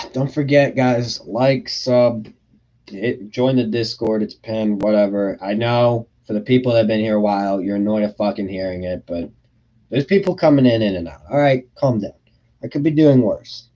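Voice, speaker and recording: A man's voice: fairly low pitch, normal speed, dark tone. Young male streamer, casual and profane, reading chat questions, lo-fi audio. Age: young adult. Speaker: livestream host. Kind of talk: casual livestream Q&A. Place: his bedroom.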